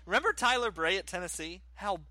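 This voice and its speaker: A man co-hosting a podcast, chatting casually about sports with animated, ranting opinions. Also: high voice, a little fast, no echo. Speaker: podcast co-host.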